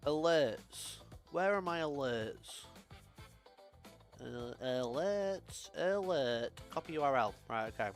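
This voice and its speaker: A man's voice: a little high, lively intonation, slow pace, faint music behind. A young man from Sheffield, chatting casually to his live-stream audience, swearing freely and laughing often. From Sheffield, England. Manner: sweary, laughs often, swings loud and quiet.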